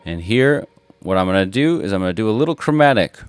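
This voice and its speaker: Low-voiced man teaching guitar over loud playing. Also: lively intonation, fast. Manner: patient, counts rhythms aloud while playing. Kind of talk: instructional guitar lesson.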